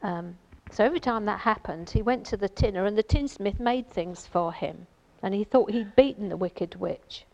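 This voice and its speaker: A woman's voice: mid-range voice, moderate pace, creaky, few pauses, a little mellow, rough recording. A woman giving an informal Bible teaching, chatty and rambling, with many fillers and asides. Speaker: lay preacher.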